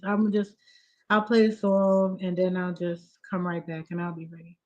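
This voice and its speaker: A soft-spoken woman hosting a live stream, chatting casually and close to tears. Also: lowish voice, little pitch movement, normal speed, dull audio, a little hiss or hum. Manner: emotional, on the verge of tears.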